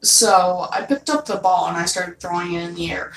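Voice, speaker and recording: Speaking at a moderate pace, the same kind of vlogger, a young woman, tells a dream story loosely and profanely, leaning heavily on fillers. Her pitch is fairly low, her tone steady and fairly bright. The sound is roomy, picked up off mic from some distance.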